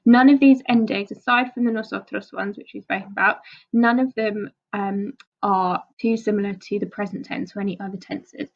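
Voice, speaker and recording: A woman's voice: medium pitch, steady tone, normal speed, dull audio. English woman teacher talking through slides. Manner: explains step by step, with okay checks and restarts. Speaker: language teacher. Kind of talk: recorded classroom lesson over slides.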